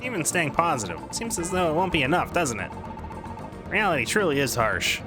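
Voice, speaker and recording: A man's voice: a little high, big pitch swings, brisk, over music. Man reading game lines with earnest drama. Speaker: let's play co-host. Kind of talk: reading game dialogue aloud.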